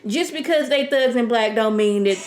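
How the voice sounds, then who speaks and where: A woman casually reviewing a TV episode in a sassy, animated, rambling way. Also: fairly high pitch, normal speed. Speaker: TV show reviewer. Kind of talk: casual chat.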